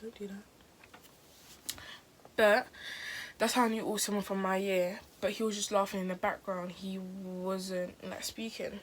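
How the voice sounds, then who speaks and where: A woman's voice: mid-range voice, little pitch movement, a little slow, long pauses. Teen girl yapping to camera, loads of likes and restarts, bit of faint hiss. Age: teens. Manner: rambling and chatty, full of "like" and restarts. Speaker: vlogger. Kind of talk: casual storytime chat.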